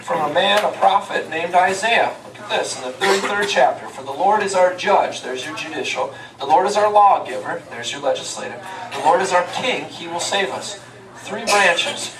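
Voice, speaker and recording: A man's voice: high voice, lively intonation, normal speed, a crowd in the background. A man giving an emphatic, preacher-like lecture to a live audience, asking them questions and answering them himself. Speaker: touring speaker. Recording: echoey room, voice from far off.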